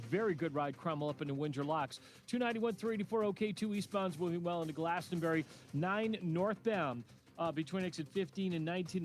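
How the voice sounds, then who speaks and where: A man reading a radio traffic report in a brisk, matter-of-fact way. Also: on the high side.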